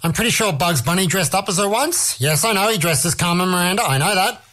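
A man's voice: high-pitched, animated, fast, bright, forceful tone. A man hosting a radio music show, talking casually between songs with chatty, self-mocking asides.

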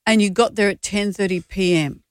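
A woman's voice: mid-range voice, normal speed, clear, resonant tone, no echo. A woman co-hosting a radio show, teasing her partner with dry interjections. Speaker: radio co-host. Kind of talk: casual on-air banter. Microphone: studio mic.

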